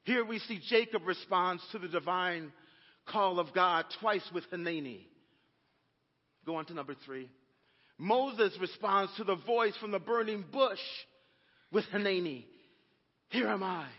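A man's voice: high-pitched, unhurried. A man preaching a sermon as a pastor, calling out to his congregation. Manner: preaching with call-and-response asides to the congregation. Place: church sanctuary. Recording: dull, echoey church recording.

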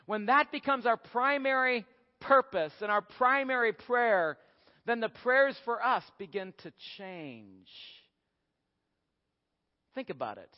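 A man preaching a sermon with emphatic swings, rising to near-shouts and dropping low. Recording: muffled sermon audio in a reverberant hall.

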